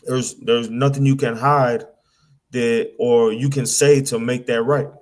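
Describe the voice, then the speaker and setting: A man's voice: mid-range voice, flat delivery, unhurried. Man, preacher type, blunt rant, trips over his words, plain mid-range voice. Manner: blunt, repetitive, slangy, mimics people in asides; stammers and repeats words. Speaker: street preacher.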